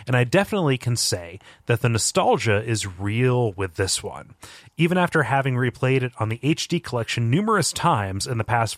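A man's voice: medium pitch, no echo, clean studio sound. A man guesting on a podcast who reads a listener email aloud and makes wry remarks, laughing easily. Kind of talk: casual chat, reading an email aloud.

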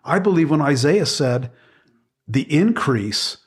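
A man's voice: fairly high pitch, expressive, takes it slowly. A middle-aged man explaining Bible passages in casual conversation, earnest and emphatic, often repeating words as he searches for phrasing.

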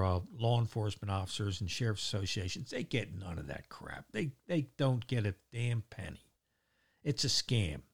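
A man's voice: lowish voice, darkish tone. A middle-aged man telling a casual, rambling story about his day, full of fillers and casual swearing. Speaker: vlogger.

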